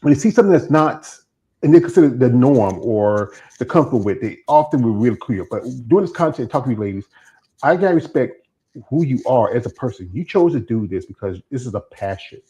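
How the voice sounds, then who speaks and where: A man hosts a live streamed interview in a loose, rambling way, often restarting his sentences. His voice sits in an ordinary middle pitch. He talks casually into a video call mic. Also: lively intonation, fairly quick, mellow, dull audio. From American South. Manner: rambling, chatty, self-interrupting. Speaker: podcast host.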